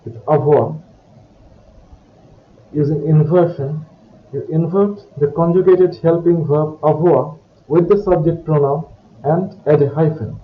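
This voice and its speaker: A man teaching French grammar in a recorded lesson, explaining slowly and carefully. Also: on the high side, steady tone. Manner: slow, careful, explanatory delivery. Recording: dull, echoey room with faint hiss.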